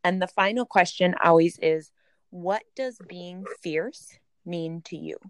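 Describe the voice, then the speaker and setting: A woman's voice: on the low side, takes it slowly, dry recording. A woman with a Minnesotan accent hosting a podcast, upbeat and affirming, with a self-deprecating streak. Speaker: podcast host. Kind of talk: podcast interview.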